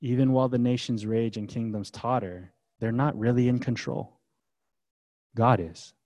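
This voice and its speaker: A male pastor delivers a sermon in a mid-range voice. He drops to a hush for gentle passages, then builds to loud, emphatic declarations, and slips in casual, conversational asides. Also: mid-range voice, fairly even intonation, moderate pace.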